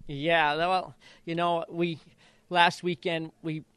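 An older man from Idaho, a retired jockey, telling stories in an interview and acting out quotes in high voices. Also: slow pace, clean tone. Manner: animated storyteller, acts out quotes in high voices. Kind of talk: storytelling interview.

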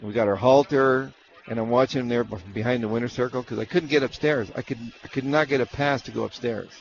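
A man's voice: mid-range voice, fast talker, vocal fry, highs cut off. A man telling rambling stories from his years training racehorses, acting out other people's lines and restarting his sentences often. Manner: rambling anecdotes with acted-out quotes and restarts. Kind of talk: casual storytelling interview.

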